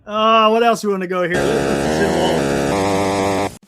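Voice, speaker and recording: A man's voice: high-pitched, animated, moderate pace. Groaning exasperated male co-host. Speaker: sports talk co-host. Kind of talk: live sports talk stream.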